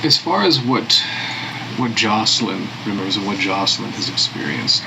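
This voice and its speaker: A male interviewer asking gentle, hesitant questions. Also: fairly low pitch, expressive, normal speed. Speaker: interviewer, podcast host. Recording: clear background noise.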